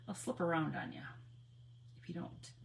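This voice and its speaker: A woman hosting a casual crafting livestream on her phone, chatty and giggly, nervously excited as she talks to viewers. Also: lowish voice, normal speed, vocal fry. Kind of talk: casual live crafting chat.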